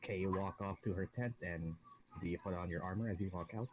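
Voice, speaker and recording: A man's voice: low-pitched, fairly quick, a little hiss or hum, low-quality recording. A man narrating as dungeon master, rambling and correcting himself as he goes. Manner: rambling, self-correcting, often laughing. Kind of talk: narrating a tabletop game.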